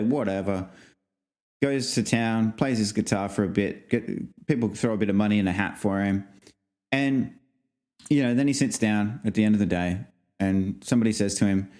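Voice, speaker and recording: A man's voice: on the low side, darkish tone. A man co-hosting a podcast in casual chat, rambling through stories with frequent laughs. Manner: rambling storyteller, laughs often, uses fillers. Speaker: podcast co-host.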